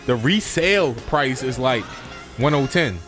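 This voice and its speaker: A man co-hosting a casual podcast chat, joking and animated, often tacking "yo" onto his lines. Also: mid-range voice, faint music behind. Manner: animated, joking, drawn-out "yo" at line ends. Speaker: podcast co-host.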